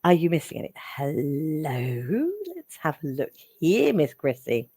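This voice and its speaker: Chatty low-voiced woman giving readings. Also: takes it slowly, breathy edge, no echo. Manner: affectionate, chatty, excitable. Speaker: psychic reader. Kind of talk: live-stream psychic readings.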